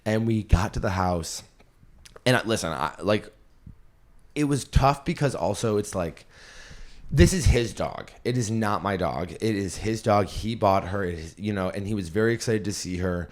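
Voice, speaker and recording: A man's voice: on the low side, normal speed. A young adult man hosting a podcast, telling a story in a candid, rambling and emotional way. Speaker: podcast host and comedian. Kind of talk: casual storytelling chat.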